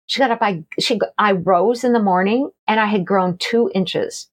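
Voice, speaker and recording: A middle-aged woman, a guest author and energy healer, telling stories in a casual, animated conversation with frequent laughter. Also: medium pitch, normal speed. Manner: animated, laughing, acts out quoted voices.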